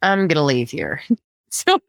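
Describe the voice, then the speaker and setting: In a casual interview, a woman guest tells her story, animated and laughing often. Her creaky voice sits a little low but jumps higher when she acts out what others said, on a dry, close recording with no echo.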